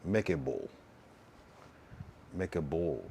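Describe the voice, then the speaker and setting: A man's voice: very deep voice, sing-song, takes it slowly, gravelly, warm tone, a little hiss or hum. A male streamer in casual chat, repeating a phrase again and again as he practices saying it.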